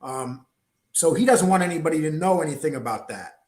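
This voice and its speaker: A man's voice: fairly high pitch, lively intonation, a little fast, roomy sound, a crowd in the background. A man co-hosting a live-stream, casually chiming in and agreeing. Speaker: co-host.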